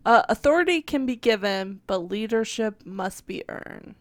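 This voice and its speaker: A woman's voice: fairly high pitch, animated, normal speed, no echo, clean studio sound. A woman co-hosting a podcast in casual chat, who mostly adds short agreements and reads quotes aloud. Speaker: podcast co-host.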